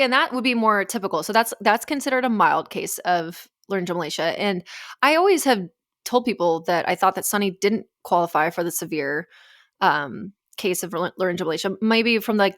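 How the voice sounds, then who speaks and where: A woman's voice: fairly low pitch, a bit bright, no room sound, studio quality. A woman, co-hosting a podcast as a doctor, chatting casually and explaining medical terms plainly. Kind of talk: casual chat.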